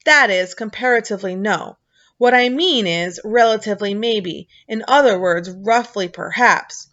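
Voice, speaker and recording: A woman voicing a huge, fearful male jelly giant who talks loudly and can never make a firm statement, in a dull lo-fi recording. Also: medium pitch, moderate pace, natural voice. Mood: fretful. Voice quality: loud, wavering, indecisive.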